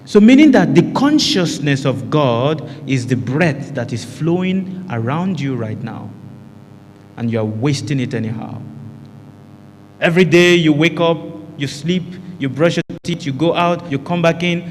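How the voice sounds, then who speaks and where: A man's voice: fairly high pitch, animated, measured pace, big-room sound, slight background noise. A man teaching a meditation class, often asking the group rhetorical questions and answering them himself, and repeating key phrases for emphasis. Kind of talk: spiritual teaching talk to a group.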